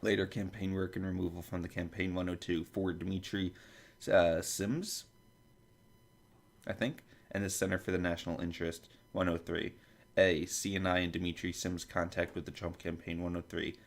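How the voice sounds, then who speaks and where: Deep-voiced man reading a list. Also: steady tone, moderate pace. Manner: stumbles over foreign names and jokes aside. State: dry throat, coughing. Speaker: podcast host. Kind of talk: reading a table of contents aloud.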